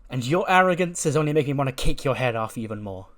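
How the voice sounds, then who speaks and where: Brief: man doing a fiery female wrestling challenger, earnest and confrontational, mid-pitch. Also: animated, quick pace, fairly bright tone, lightly acted. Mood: defiant.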